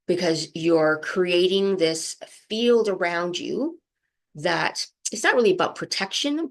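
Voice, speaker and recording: A woman with a lowish, gravelly voice leads a spiritual energy talk. She speaks softly and flowingly, often checking in with "right?". She is moved, close to tears. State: emotional, near tears. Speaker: spiritual channel host.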